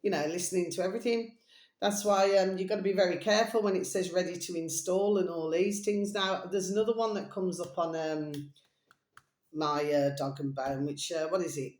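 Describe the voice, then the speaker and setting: A woman's voice: fairly low pitch, fairly even intonation, moderate pace, a little mellow, echoey room. A woman chatting in a rambling, casual monologue, calling her listeners her little babies. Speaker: vlogger.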